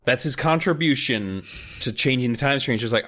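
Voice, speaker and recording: A man co-hosting a casual book podcast, recapping the plot in an animated way and jumping into funny voices for the characters. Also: medium pitch, brisk. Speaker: podcast co-host. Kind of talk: casual book discussion and reading.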